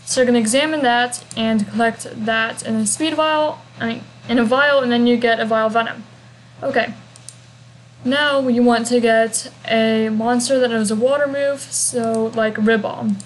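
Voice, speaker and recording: In her slightly high voice, a young woman chats loosely through a game walkthrough, keeping a steady tone and normal speed while humming and adding asides. The recording is low quality with a faint background hiss.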